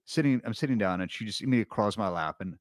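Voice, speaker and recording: A man's voice: on the low side, expressive, rapid-fire, no room sound, studio quality. A middle-aged man, a podcast guest, telling a long personal story in casual chat, rambling with restarts and fillers.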